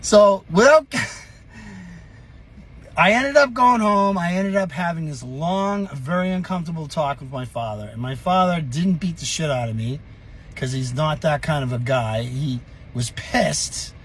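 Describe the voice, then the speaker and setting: A middle-aged man telling a story from his youth in an animated, profane, chuckling way. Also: a little high, measured pace, slightly rough. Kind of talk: casual storytelling vlog.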